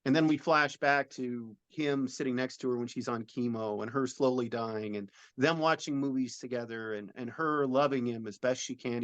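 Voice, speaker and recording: A man's voice: mid-range voice, a bit bright, dry recording. A middle-aged man, a film director, being interviewed and describing a film idea in an earnest, rambling storytelling way.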